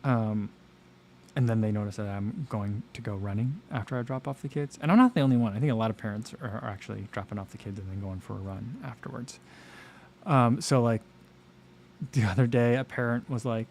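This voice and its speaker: A man's voice: mid-range voice, fairly quick, a little mellow. Chatty man rambling on a livestream. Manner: rambling, chatty, reads viewer comments aloud. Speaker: livestream host. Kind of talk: casual livestream chat.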